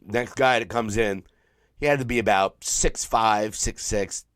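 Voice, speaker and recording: Low voiced new guy, a bit hoarse and worn out, swearing and doing voices as he tells a story, dead dry sound. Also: measured pace, no room sound. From New York. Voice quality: throaty, tired voice. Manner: profane, animated storyteller who mimics people. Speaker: podcast co-host. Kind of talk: casual storytelling chat.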